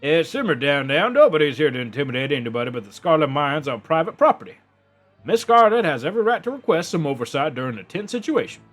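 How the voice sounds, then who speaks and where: A man's voice: on the high side, big pitch swings, quick pace, fairly bright tone, soft background music. A man doing a falsely polite company guard. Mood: placating.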